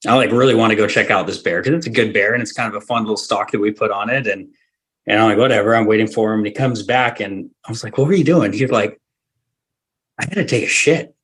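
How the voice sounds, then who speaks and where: A man from Alaska, a hunting guide, tells a story on a podcast with easy, unhurried energy. He laughs often and acts out what people said in quick bursts. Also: on the low side, fairly even intonation, a bit bright, breathy edge.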